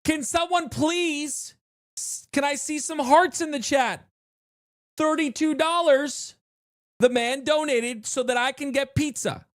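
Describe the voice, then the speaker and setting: A live streamer chatting excitedly to viewers while playing, often restarting sentences mid-thought. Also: high voice, slow, no echo, clean studio sound. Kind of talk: live-stream game reaction chat.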